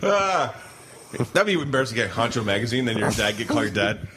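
A man co-hosts a loose comedy podcast, swinging his pitch widely as he tells stories and slips into voices. Steady background noise hangs under his mid-pitched voice. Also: fairly quick. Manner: animated storyteller who acts out voices, laughs a lot. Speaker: podcast co-host. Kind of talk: casual comedic chat.

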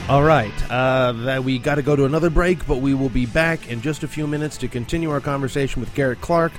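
A man hosting a podcast between segments, halting and self-correcting with lots of fillers. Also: medium pitch, music in the background. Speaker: podcast host.

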